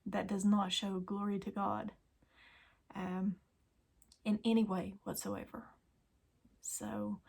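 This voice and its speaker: A woman hosting a daily devotional video, talking earnestly and emotionally to her viewers and often dropping to a soft whisper. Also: medium pitch, vocal fry, husky. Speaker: Christian YouTube devotional host.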